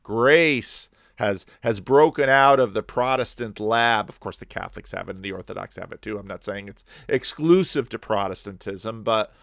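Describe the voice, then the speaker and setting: A man with a resonant, crisp voice talks over a video he keeps pausing, circling his point with restarts and repeated words. The sound is close and dry, with no room around it. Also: fairly low pitch, fairly bright tone, dry recording. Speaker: video commentator. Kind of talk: pausing and commenting on a played video.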